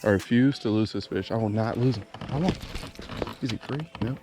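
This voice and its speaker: A man, vlogging while fishing from a kayak and talking excitedly and frustratedly to himself. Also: lowish voice, fairly quick, over music. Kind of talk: casual vlog talk to camera. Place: outdoors on a kayak on a lake. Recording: noisy outdoor camera audio.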